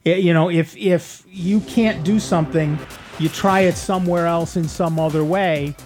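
A man with a high voice hosts a call-in computer show from a radio studio. He rambles a little and walks callers through each step, with soft music faint behind him. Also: steady tone, normal speed. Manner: chatty, rambling, explains step by step. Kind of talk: call-in radio tech advice. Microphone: studio microphone.

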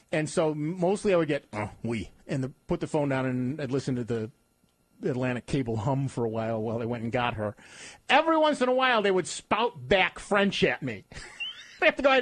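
A male radio host with a slightly high voice, chatting loosely on air and poking fun at himself as he goes. He laughs often. He talks into a studio mic, and the sound is close and dry, with no room echo. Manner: rambling, self-mocking storyteller who laughs often. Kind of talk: casual on-air chat.

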